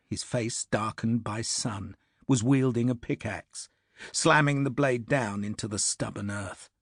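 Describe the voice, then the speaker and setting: A man narrating an audiobook in a measured, steady, scripted way. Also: medium pitch, no echo, clean studio sound.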